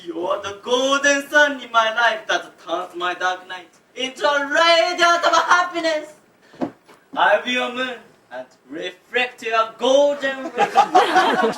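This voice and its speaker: Student doing a melodramatic lovesick guy next door, bright high voice, slow, echoey stage far off. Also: animated, full character voice. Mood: adoring. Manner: gushing, overwrought declarations. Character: lovesick middle-aged male neighbour, melodramatic. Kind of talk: amateur stage play. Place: small university theatre stage. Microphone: far-off room mic. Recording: echoey theatre from far off, faint hiss.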